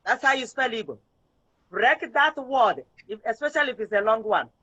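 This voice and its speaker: A man's voice: very high voice, animated, normal speed, sharp tone, lo-fi sound. A man teaching an online language lesson, patiently drilling words syllable by syllable over a video call.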